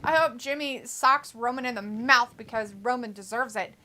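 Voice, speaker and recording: A woman's voice: on the high side, moderate pace, pushed and bright. A woman co-hosting a wrestling watch-along live stream in casual chat, reading viewer comments aloud and reacting to them. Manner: chatty, reads chat messages then reacts.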